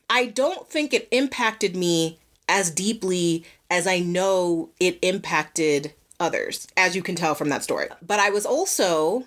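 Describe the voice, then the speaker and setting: Animated young woman telling stories. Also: mid-range voice. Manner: candid, animated, swears freely. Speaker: podcast host. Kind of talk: solo storytelling podcast.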